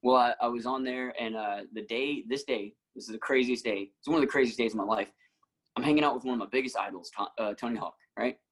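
A man's voice: mid-range voice, fast, poor audio. A man, an actor and musician, telling casual stories as a guest and acting out the people he quotes. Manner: animated anecdotes, acting out quotes, frequent laughs. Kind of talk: casual storytelling.

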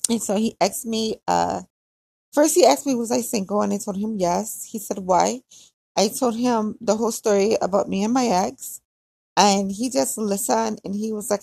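A chatty woman with a Hawaiian accent confides to her listeners in a loose, diary-style podcast. Her voice has a gravelly, creaky edge and sits at a middling pitch. The sound is close and dry, with no room around it. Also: normal speed, dark tone, no room sound. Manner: chatty, confiding, quotes others. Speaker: podcast host. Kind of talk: casual diary-style chat.

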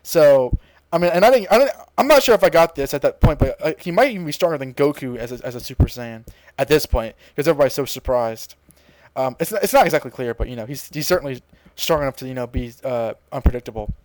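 A young man co-hosting a podcast, rambling through a casual episode recap and slipping into quick impressions of characters. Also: mid-range voice, animated, darkish tone, no room sound. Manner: rambling, mimics characters' lines in quick voices. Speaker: podcast co-host.

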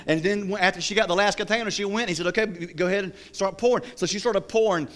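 High-voiced, animated male preacher. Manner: animated storytelling, joking. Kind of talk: sermon.

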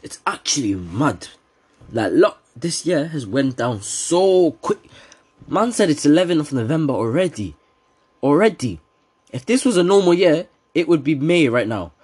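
Husky-voiced teen guy rambling on a podcast. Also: a little high, big pitch swings, normal speed, a little mellow. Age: teens. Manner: rambling, joking, laughs often, slang-heavy. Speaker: podcast host. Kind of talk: casual solo podcast chat.

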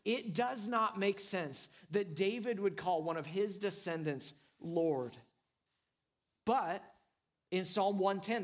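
High-voiced earnest young male pastor. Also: a bit bright. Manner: conversational, with frequent "like" and "right?"; emphatic and earnest. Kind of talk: sermon.

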